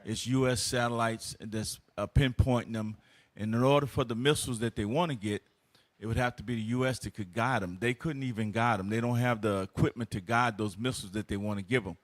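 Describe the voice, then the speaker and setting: A man's voice: mid-range voice, a little fast, no room sound. A man on a discussion panel, explaining his point earnestly in casual talk.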